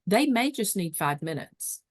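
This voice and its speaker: A woman's voice: mid-range voice, sing-song, measured pace, dry recording, clean studio sound. A woman giving a webinar lesson on dementia care, teaching emphatically and repeating key phrases. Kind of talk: webinar presentation.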